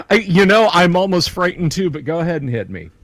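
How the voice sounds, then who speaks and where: A man's voice: high-pitched, big pitch swings, normal speed, fairly bright tone. A middle-aged man hosting a casual livestream chat, rambling and joking with lots of fillers and restarts. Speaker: livestream host.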